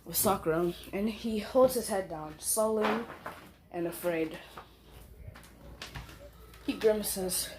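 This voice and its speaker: A woman's voice: mid-range voice, slow pace, long pauses, noisy background. A young woman casually retelling a fan story, rambling, self-correcting and full of fillers.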